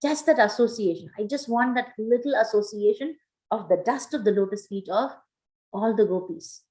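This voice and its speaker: A woman's voice: medium pitch, moderate pace, dark tone, close to an everyday voice, poor audio. A woman voicing a humble, tearful male devotee who speaks earnestly.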